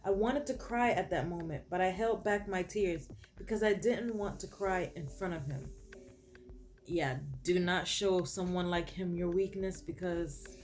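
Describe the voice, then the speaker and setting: A woman's voice: fairly low pitch, a little slow, darkish tone, faint music behind. A woman reading a story game aloud in several voices, adding sassy asides to the characters. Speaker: game streamer.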